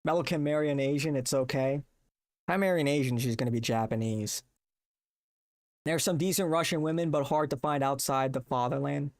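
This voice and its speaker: A man's voice: medium pitch, fairly quick, a little mellow, dry recording, clean studio sound. A man hosting a livestream, chatting casually, rambling and reacting to his chat with disbelief. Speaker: livestream host.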